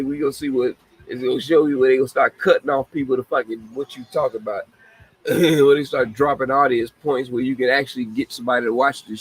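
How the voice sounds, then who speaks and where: A man with a medium-pitched, breathy-edged voice hosts a podcast on poor audio. His talk is casual profane commentary, ranting bluntly with heavy swearing and frequent bursts of laughter.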